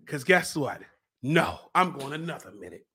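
A young man hosting his own show, joking and yelling while he sweats and burns from a hot pepper challenge. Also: a little high, very animated, moderate pace, slightly rough. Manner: loud, frantic and joking, yelling and sighing between lines. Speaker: podcast host and life coach. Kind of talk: live reaction during a spicy chip challenge.

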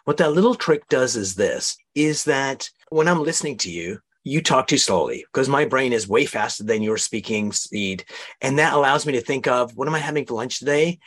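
A man's voice: mid-range voice, expressive, moderate pace, a bit bright. A man hosting an interview podcast, explaining ideas in a coaching, demonstrative way. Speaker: host.

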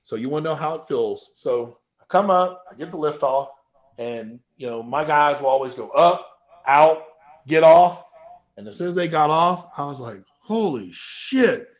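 Animated, profane male powerlifter storyteller. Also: fairly quick. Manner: animated, profane, jumps loud and high when quoting himself. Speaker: powerlifter guest. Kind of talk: casual podcast storytelling.

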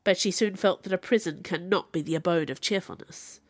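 A woman reading a classic novel aloud as narrator, with expressive, dramatic delivery. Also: on the low side, brisk, no echo. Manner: expressive, dramatic in quoted speech.

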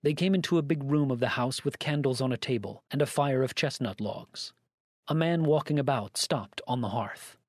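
A man reads a story aloud at a measured, even pace. His voice is slightly husky and mid-pitched, with a dry, close sound and little room around it. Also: no room sound. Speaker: audiobook narrator. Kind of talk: scripted narration of a story.

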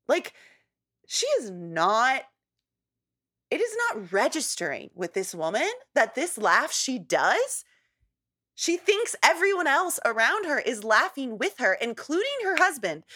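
A woman's voice: high-pitched, a bit bright. A woman co-hosting a podcast, chatting casually about a reality show and laughing often. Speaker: podcast co-host.

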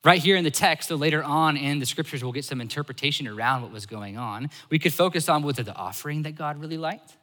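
Bright-voiced animated male preacher. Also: a little high, fast talker, hardly any pauses, in a large hall. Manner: animated, swings between loud emphasis and soft asides. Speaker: pastor. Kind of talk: sermon.

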